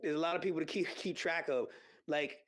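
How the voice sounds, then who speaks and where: A man hosting a podcast, chatting casually and rambling with lots of fillers and excited exclamations. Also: fairly high pitch, fairly quick. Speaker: podcast host. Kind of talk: casual solo podcast chat about combat sports. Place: podcast studio.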